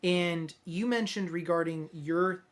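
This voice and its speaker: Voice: mid-range voice, slow pace. A podcast host interviewing a guest, affirming often and asking long, multi-part questions in a chatty way.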